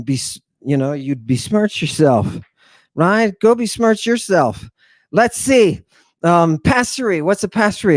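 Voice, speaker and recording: A man hosting an animated lecture on word meanings, talking emphatically in an excitable, jokey, irreverent way. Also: fairly high pitch, no room sound. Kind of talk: animated lecture to an online audience.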